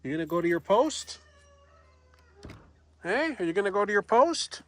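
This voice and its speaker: A man's voice: sits high, lively intonation, racing, a bit bright. A man vlogging on his farm, chatting outdoors by the barn to his cats in a fond pet-talk voice. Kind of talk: casual talk to farm animals.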